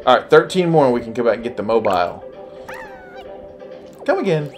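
A man playing a video game with his child, chatting casually and cheering excitedly, game music behind him. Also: mid-range voice. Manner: excitable, cheers his kid on with rapid repeated urging. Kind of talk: casual gameplay chat.

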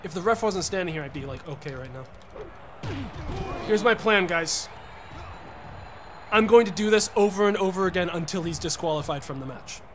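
A young man streaming a wrestling game, frustrated and profane, yelling at the referee between muttered plans. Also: high voice, normal speed, long pauses, background noise. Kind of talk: gaming commentary.

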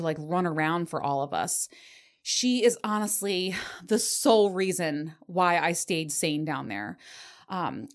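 Woman, around 40, podcast host, lively pitch, candid, swears freely, laughs through stories. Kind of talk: casual storytelling monologue.

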